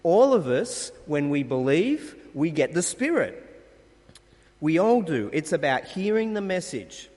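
Man, pastor preaching, lively pitch, emphatic rhetorical questions, long hall reverb. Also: unhurried. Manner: emphatic, rhetorical questions, addresses listeners as friends. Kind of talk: sermon.

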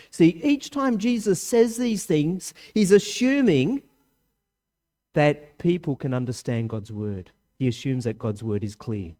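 Male preacher, fairly high voice, emphatic sermon delivery, animated rises and drops. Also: unhurried. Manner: emphatic, varies pitch and volume widely for emphasis.

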